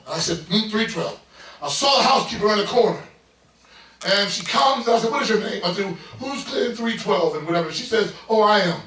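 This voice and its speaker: A middle-aged man preaches a sermon in a high, bright voice that builds into loud bursts as he calls out to his congregation. He is caught from across the sanctuary, with a heavy ring of the church room around every word. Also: animated, a little fast. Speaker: pastor. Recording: echoey church from far off.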